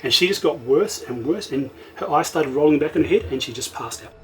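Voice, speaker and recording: A man's voice: a little high, lively intonation, brisk, a bit bright, a little hiss or hum, low-quality recording. A middle-aged man, a guest recounting events casually and vividly, often acting out what he said at the time. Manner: vivid retelling, often quoting himself. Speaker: interview guest. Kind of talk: casual storytelling.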